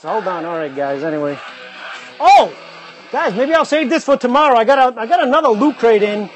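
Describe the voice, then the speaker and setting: A man hosting a casual livestream, excitedly exclaiming over items as he unboxes them on a phone mic. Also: very high voice, fairly quick. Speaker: livestream host.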